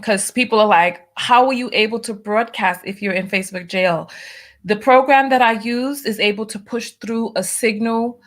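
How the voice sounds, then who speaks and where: Exasperated woman venting on a livestream. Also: fairly high pitch. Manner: frustrated, venting, rapid restarts. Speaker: livestream show host. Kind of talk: casual livestream talk.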